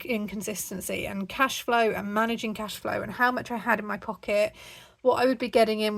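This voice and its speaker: A woman's voice: mid-range voice, creaky. A woman hosting her own budgeting vlog from home, talking casually to camera in a rambling way with lots of ums. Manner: chatty, rambling, frequent ums. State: slightly out of breath. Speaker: budgeting channel host. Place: at home, indoors.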